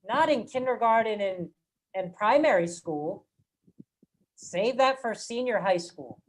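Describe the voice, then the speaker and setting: A woman running a workshop for teachers, explaining ideas slowly and carefully and chanting example phrases to show their rhythm. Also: fairly high pitch, expressive, poor audio. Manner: slow, deliberate, demonstrates rhythm by chanting. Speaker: teacher trainer.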